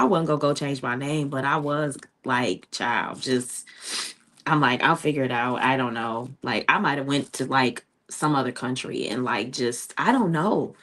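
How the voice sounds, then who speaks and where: Low-voiced chatty woman livestreaming. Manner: chatty, talks to viewers, says "child" and "honey". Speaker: livestream host. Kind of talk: casual livestream chat.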